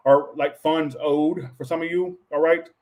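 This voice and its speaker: For his viewers, a man with a slightly higher voice rambles through a tarot reading, a little slow, steady, and darkish in tone. He is offhand, swears often, and breaks off to answer his chat.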